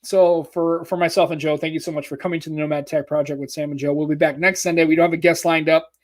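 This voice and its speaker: A man's voice: on the high side, level tone, quick pace. An American man co-hosting a tech podcast, chatting loosely and joking, with plenty of swearing. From United States. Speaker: podcast co-host. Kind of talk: casual podcast chat.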